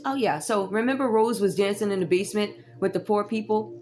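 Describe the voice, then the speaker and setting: A woman's voice: mid-range voice, a little fast, darkish tone, faint music behind. A woman, giving a casual tarot reading with sassy, chatty asides to her viewers. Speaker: tarot reader.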